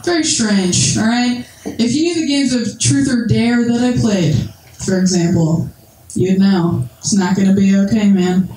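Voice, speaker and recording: A woman's voice: medium pitch, unhurried. A woman performing a stand-up comedy set, telling a story and acting out the voices in it. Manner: storytelling with acted-out voices and laughter. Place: comedy club stage. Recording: echoey club with loud noise.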